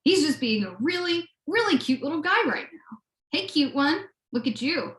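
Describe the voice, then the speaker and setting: A woman's voice: high-pitched, animated, normal speed, fairly bright tone. Woman doing sing-song baby talk in an echoey room. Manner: cooing baby talk that swings to mock-aggressive demands. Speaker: poet reading at a live event. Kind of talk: live poetry reading. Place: art gallery space.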